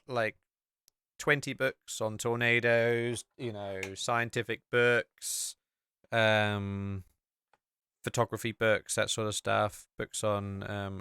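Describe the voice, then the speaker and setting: An English man rambles through a casual podcast chat, piling up fillers as he talks. His voice is bright and forceful with a smooth, crisp finish. The sound is dry and close, with no room around it. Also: lowish voice, no echo. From England. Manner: rambling and chatty, with frequent fillers. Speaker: podcast host. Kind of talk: casual chat while sharing a map on screen.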